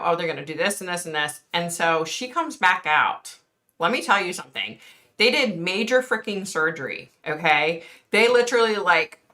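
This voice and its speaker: A woman's voice: lowish voice, bright, forceful tone. A middle-aged woman hosting a casual live stream, chatting with viewers in a chatty, outspoken, fired-up way with mild swearing. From East Coast of the United States. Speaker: livestream host reading viewer chat.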